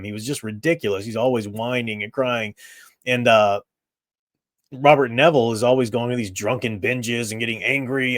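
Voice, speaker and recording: A man's voice: medium pitch, dry recording, studio quality. A middle-aged man hosting a live stream, giving his blunt opinions in casual chat and laughing at his own remarks.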